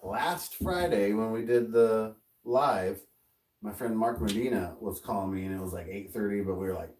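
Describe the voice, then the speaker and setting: Animated man telling a story, roomy distant mic. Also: lowish voice, normal speed, slight background noise. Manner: animated storyteller, voices the people in his story. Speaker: podcast host. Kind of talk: casual podcast storytelling.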